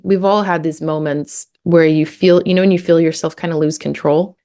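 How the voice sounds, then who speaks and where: A woman's voice: fairly low pitch, darkish tone. A woman in her forties, a parenting coach, talking candidly and animatedly in a slangy, casual chat.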